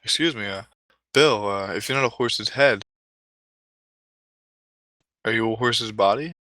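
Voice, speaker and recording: Old decrepit clown, put on by a man, hesitant, stammering, bright edge. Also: lowish voice, unhurried, dry recording. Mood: flustered. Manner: hesitant, fumbling with ums and polite fillers. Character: old decrepit male circus clown, nervous.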